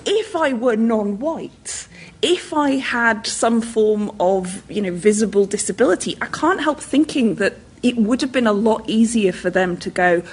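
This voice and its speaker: Northern english woman on a discussion panel, bit husky, chatty and laughy. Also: a little high, animated, unhurried, low-quality recording. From northern England.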